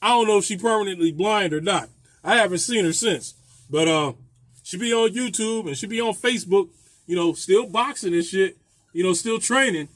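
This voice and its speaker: A man's voice: sits high, normal speed, fairly bright tone, no echo. A man, a landlord, telling a rambling, profane story about a tenant in a casual vlog, laughing often.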